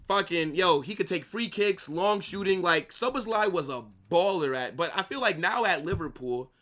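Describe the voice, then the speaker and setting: A man's voice: sits high, animated, moderate pace, pushed and bright. Brash, trash-talking young man streamer. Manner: brash, trash-talking, swears a lot, calls chat "bro" and "brother". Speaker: watch-along streamer. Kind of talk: live match watch-along, arguing with chat.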